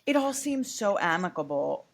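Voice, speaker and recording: Chatty woman podcast co-host, lowish voice. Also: very animated, moderate pace, gravelly. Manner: chatty, retells scenes with mocking quoted voices. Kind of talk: casual chat.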